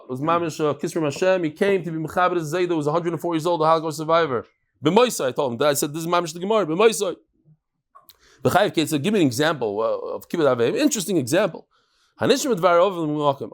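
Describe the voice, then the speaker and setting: A man giving a lively daily Talmud class, mixing in Hebrew and Yiddish terms and acting out quotes. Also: fairly high pitch, quick pace. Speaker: Talmud teacher.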